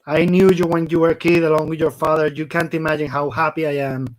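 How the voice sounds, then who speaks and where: A man's voice: a little high, flat delivery, fast talker, slight background noise. A man from Spain hosting a casual interview, rambling with many fillers and eagerly listing names. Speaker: interview host.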